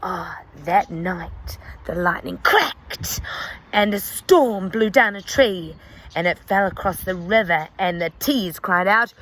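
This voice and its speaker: Woman reading a kids picture book, high lively sing-song voice, slow and clear. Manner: animated, sing-song, addresses the listener. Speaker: storyteller for children. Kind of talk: picture book read-aloud.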